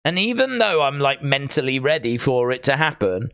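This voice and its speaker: Brief: male stream host, rambling and excitable, smooth resonant voice on a dry close mic. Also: mid-range voice, normal speed, no echo. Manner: excitable, rambling, answers chat messages. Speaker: live stream watch-along host. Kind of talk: casual live-stream chat.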